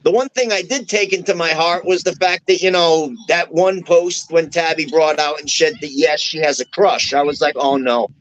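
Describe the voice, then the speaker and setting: A man's voice: on the high side, normal speed, hardly any pauses, highs cut off, slight background noise. A man on a podcast telling a long story in casual, profane talk, acting out the dialogue as he goes. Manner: profane, animated, acts out quoted dialogue. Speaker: wrestler guest.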